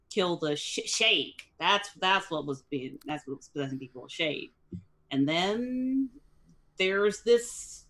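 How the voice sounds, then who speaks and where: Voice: medium pitch, fairly bright tone. A player in a tabletop game, wry and joking, recapping events. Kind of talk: casual tabletop play.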